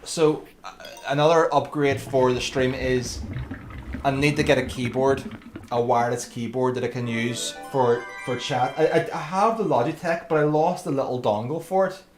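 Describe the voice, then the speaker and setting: A man's voice: mid-range voice, steady tone, normal speed, faint music behind. A man commentating his own racing game live and chatting to viewers by name. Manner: chatty, addresses viewers by name, friendly banter. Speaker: livestreamer.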